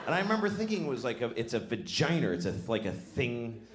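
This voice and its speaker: A man's voice: medium pitch, big pitch swings, fast. A man from Boston with a Boston accent doing stand-up comedy in a wry, rambling way that trails off mid-thought. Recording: roomy club with audience noise.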